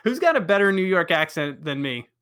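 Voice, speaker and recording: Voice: mid-range voice, very animated, fairly quick, a bit bright, clean tone. A podcast host in a casual group chat, laughing often while leading the discussion.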